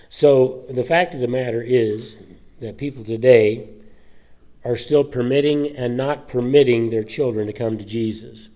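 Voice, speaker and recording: Mellow-voiced man preaching casually. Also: lowish voice. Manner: conversational, rambling with many fillers. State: throat trouble, a little choked up. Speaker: pastor. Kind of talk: sermon. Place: church sanctuary.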